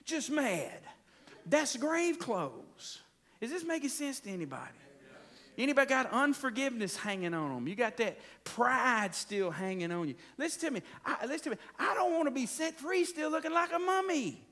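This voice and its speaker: Animated high-voiced preacher man. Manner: conversational preaching, playful asides, drawn-out emphatic phrases. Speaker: pastor. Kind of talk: sermon. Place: church sanctuary.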